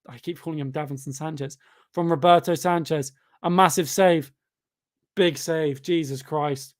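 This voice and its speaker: A young man, pitched a little above most men, talks through a live football stream while reading chat aloud. He sounds tired and rambles casually, then breaks into excited shouts whenever the match heats up. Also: moderate pace. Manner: chatty, bursts of excitement at the game.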